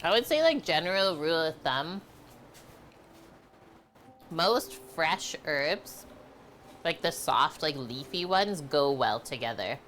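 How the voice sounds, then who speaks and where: A woman's voice: sits low, sing-song, slow, pauses often, a bit bright, a little hiss or hum. A woman hosting a live cooking stream, chatting casually with viewers and filling her talk with "like". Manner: chatty, answers chat, many "like" fillers.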